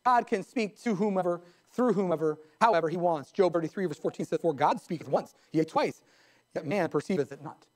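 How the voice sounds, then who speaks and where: A man's voice: high voice, a little fast. A pastor preaching a live sermon in his church, who often asks the congregation questions and tells stories to make his points.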